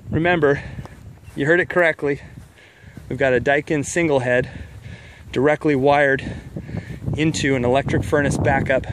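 Here a heating contractor walks through a home installation, indoors and out, talking as he goes in a chatty, slightly breathless way full of fillers. His voice is on the high side and a bit bright. There's a little hiss or hum in the recording.

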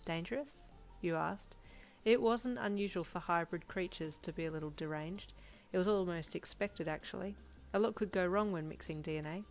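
A woman reading a fan fiction story aloud in a calm, steady narration. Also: on the low side, moderate pace. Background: soft backing music.

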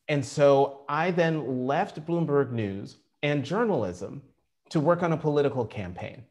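A middle-aged man telling career stories in an interview, animated and acting out the quotes. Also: a little high, measured pace. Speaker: journalist guest. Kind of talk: storytelling interview.

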